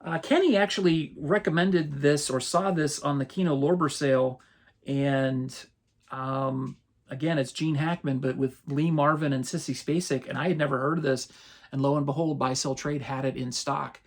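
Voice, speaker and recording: A man, casually running through his latest movie purchases as a channel host, relaxed and rambling. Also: on the high side, moderate pace. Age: 50s. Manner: relaxed, rambling, chuckles often. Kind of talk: casual haul rundown.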